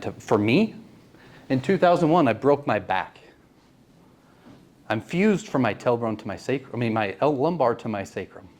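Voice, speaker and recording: A man's voice: medium pitch, animated, moderate pace, long pauses, a little mellow. A man in his late thirties telling a personal story to a networking group, earnest and often asking the audience questions. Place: meeting room.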